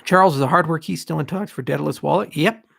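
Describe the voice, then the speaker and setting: Founder answering live questions; gravelly, blunt, candid, dry close sound. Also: male voice, on the high side, fast talker, fairly bright tone, dry recording. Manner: candid, blunt, rambling asides. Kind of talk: livestream Q&A.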